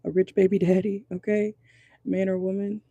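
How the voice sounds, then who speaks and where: A woman giving a casual tarot reading, chatty and profane, with a voice going hoarse, constantly checking in with "okay?". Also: mid-range voice, little pitch movement, moderate pace, mellow, no room sound, lo-fi sound. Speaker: tarot reader.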